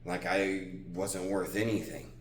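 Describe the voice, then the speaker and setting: A man's voice: sits low, fairly even intonation, measured pace, a little hiss or hum. A young man vlogging at the gym, telling a personal story in casual, profane, rambling speech and saying "dude" constantly. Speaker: fitness vlogger. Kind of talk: casual confessional talk. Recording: echoey gym room.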